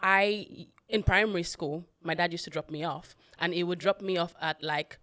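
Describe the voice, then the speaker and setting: A woman co-hosting a podcast who tells stories and affirms her co-host in a casual, heartfelt chat. Her voice sits fairly low but has a bright edge. It is recorded close and dry. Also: steady tone, moderate pace, no room sound. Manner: warm, affirming, storytelling.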